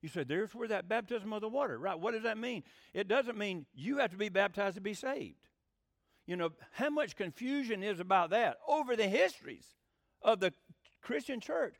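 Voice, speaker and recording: A man's voice: high-pitched, very animated, moderate pace, creaky, no echo, studio quality. A middle-aged man, a pastor teaching a Bible lesson in an emphatic sermon style and asking the congregation questions.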